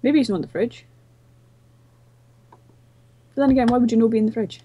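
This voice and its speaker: Young Scottish woman, husky, chatty let's-play co-host. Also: fairly high pitch, normal speed, dark tone, no room sound, dull audio. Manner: chatty, planning moves aloud. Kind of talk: casual gaming chat.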